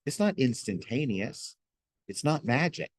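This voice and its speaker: A man's voice: medium pitch, sing-song, a little slow, husky. A man giving an earnest, pastoral teaching talk and leaning on folksy everyday illustrations. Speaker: Christian teacher. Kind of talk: gentle spoken teaching.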